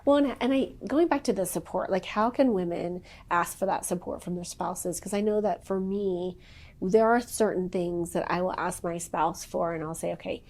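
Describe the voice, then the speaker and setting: Woman host, mellow tone, lots of mm-hmms, chatty and easy. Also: fairly low pitch, moderate pace. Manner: affirming, frequent agreement. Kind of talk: casual conversation.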